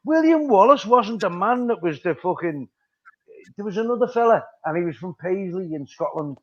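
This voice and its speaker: A man's voice: sits high, animated, normal speed. A middle-aged man with a Liverpool accent, hosting a live chat and talking bluntly, with plenty of swearing and repetition. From Liverpool, England. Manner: blunt, sweary, repeats himself. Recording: dull lo-fi stream audio.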